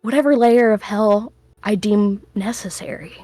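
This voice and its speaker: A woman's voice: medium pitch, normal speed, dark tone, no room sound, soft background music. A woman playing a tabletop game, chatting playfully and giving firm opinions. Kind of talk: casual chat during a tabletop game.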